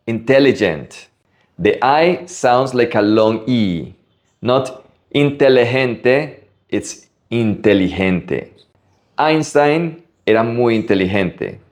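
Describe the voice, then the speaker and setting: A man from Latin America teaching Spanish vocabulary, slowly drilling pronunciation word by word. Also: mid-range voice, darkish tone. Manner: slow, careful pronunciation drills. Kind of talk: vocabulary lesson.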